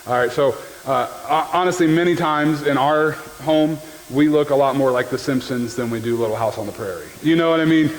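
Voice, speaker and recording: Male pastor, casual jokey sermon delivery, slightly raised pitch, faint room noise. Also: a little fast, hardly any pauses. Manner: conversational and joking, often checks in with "right?". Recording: long hall reverb with faint background noise.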